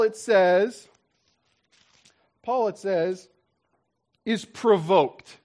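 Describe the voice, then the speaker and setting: A man preaching a sermon as a pastor, in a lively, conversational way that acts out what people say. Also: high voice, a little slow.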